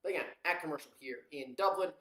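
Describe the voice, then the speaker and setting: A home play-by-play caller narrates a live game to a watchalong audience in a casual, rambling way. Fillers and quick self-corrections run through the calls. The voice sits at a middling pitch and echoes around a roomy room. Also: a bit bright. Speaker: amateur play-by-play commentator.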